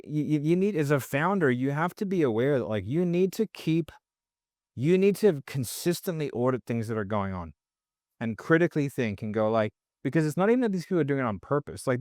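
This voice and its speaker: A man's voice: on the high side, no echo. Man, blunt, swears a lot, podcast guest, dry close sound. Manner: blunt, profane, animated ranting. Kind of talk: casual podcast conversation.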